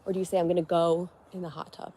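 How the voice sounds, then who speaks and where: A woman's voice: lowish voice, level tone, fast talker, dark tone, slight background noise. A young woman from Connecticut hosting a casual livestream, chatting and giggling as she answers viewers' comments. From Connecticut, USA. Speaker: livestream host.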